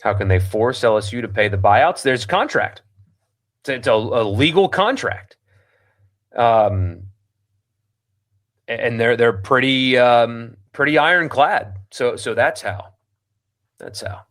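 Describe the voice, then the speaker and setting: A man's voice: mid-range voice, expressive, a little slow, long pauses, fairly bright tone. A man hosting a sports talk show, reading listener comments aloud and answering them bluntly, with a lot of ums and restarts. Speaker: sports radio host.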